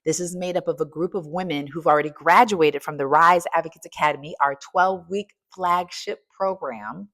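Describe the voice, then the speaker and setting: A middle-aged American woman coaching and hosting, talking in an energetic, preachy and casual way, dropping in "y'all" and swinging from soft asides to loud exclaiming. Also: low voice, normal speed, few pauses. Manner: casual colloquial speech with "y'all" and "ain't". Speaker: coach and podcast host. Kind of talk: energetic motivational talk.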